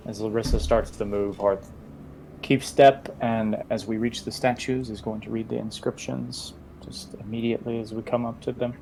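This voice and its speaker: A man's voice: mid-range voice, level tone, moderate pace, vocal fry, dark tone, slight background noise. A man playing a tabletop game who describes his character's actions in a thoughtful, rambling way. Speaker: player.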